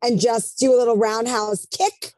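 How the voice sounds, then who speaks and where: A woman co-hosting a casual pop-culture chat, animated and playfully hyping her picks. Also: fairly high pitch, normal speed, poor audio. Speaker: co-host.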